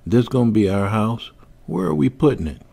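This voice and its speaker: A man's voice: mid-range voice, very animated, moderate pace, gravelly, mellow, husky, pitched above the performer's own voice, exaggerated voice. A man voicing a firm, protective young wife. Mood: hopeful. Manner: commanding, protective.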